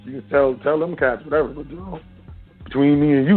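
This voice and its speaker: A man's voice: on the high side, a little fast, breathy edge. A man hosting an internet radio show, talking casually and preachily straight to his listeners. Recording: tinny phone-line sound with faint music.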